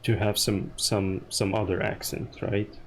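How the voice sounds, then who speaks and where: A man's voice: fairly low pitch, flat delivery, a little slow, slight background noise. A man streaming a game, musing and rambling aloud to his chat in casual talk.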